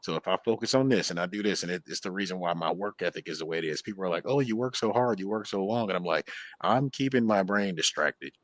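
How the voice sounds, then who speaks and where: A man's voice: low voice, fast talker, a bit bright, no room sound. A man who served in the army, talking earnestly and candidly in casual conversation. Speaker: army veteran. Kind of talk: casual chat.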